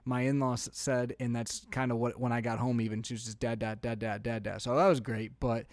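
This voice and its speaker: A young man co-hosting a podcast, telling animated family stories with frequent laughs. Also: mid-range voice, fairly quick, no room sound. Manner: animated storytelling, laughs often. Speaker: podcast co-host. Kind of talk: casual chat.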